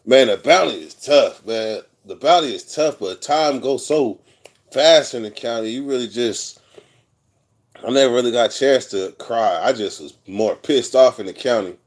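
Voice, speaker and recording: A man's voice: medium pitch, normal speed. Middle-aged man, rambling, candid, swearing freely, casual storytelling. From California. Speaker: vlogger telling prison stories.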